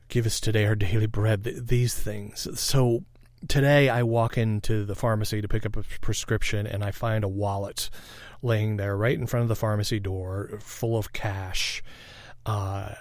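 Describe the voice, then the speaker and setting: A man's voice: on the low side, darkish tone, no echo. A man preaching a sermon in a conversational, reflective way, sharing a personal story and often checking in with "all right?". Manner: reflective, meditative pauses.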